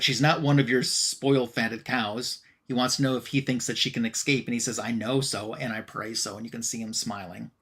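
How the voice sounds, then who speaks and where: A man's voice: mid-range voice, fairly bright tone. Casual man recapping a comic aloud. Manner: retelling a comic plot with loose quoted dialogue, many fillers. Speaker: podcast co-host.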